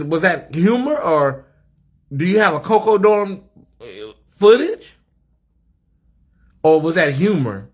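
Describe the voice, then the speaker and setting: A man's voice: sits high, fairly bright tone, breathy edge. An American man hosting a live stream from a hotel suite, sassy and chatty, talking straight to his viewers in the comments. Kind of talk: casual live-stream chat.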